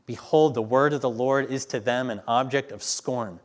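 A man preaching to a congregation at a mid-pitched, ordinary tone. He reads scripture slowly and with emphasis, then drops back into plain, conversational talk with his listeners. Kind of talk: sermon with scripture reading.

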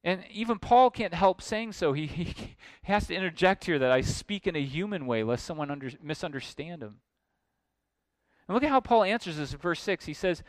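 A man preaching an expository sermon, emphatic and building to forceful points. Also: on the high side, expressive, moderate pace, dry recording. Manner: emphatic, rising to forceful exclamations.

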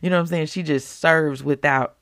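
Low-voiced woman with a bit of fry, casual animated devotional talk, dry recording. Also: brisk, no echo. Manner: chatty and animated, with laughs and acted-out quotes. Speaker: devotional speaker.

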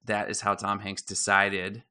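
In a smooth, lowish voice and at a measured pace, a man co-hosting a podcast spins relaxed stories. The talk is casual, and he laughs readily.

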